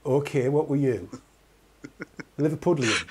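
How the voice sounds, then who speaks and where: A man's voice: medium pitch, animated, unhurried, slight background noise. An English man co-hosting an online talk show, chatting casually and reading a news story aloud with wry, jokey asides. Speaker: podcast co-host.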